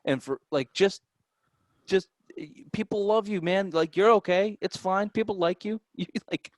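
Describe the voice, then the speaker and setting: Boston sports-pod host, man, fast swings up in pitch, foul-mouthed, close dry sound. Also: no echo. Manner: animated, profane, rising to near-shouts when worked up. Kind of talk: casual sports banter.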